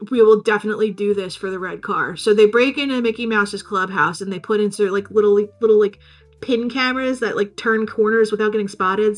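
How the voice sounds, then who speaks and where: A woman's voice: mid-range voice, a bit bright. A woman co-hosting a podcast, casually recapping a film, swearing freely and acting out the characters in silly voices. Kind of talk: casual chat.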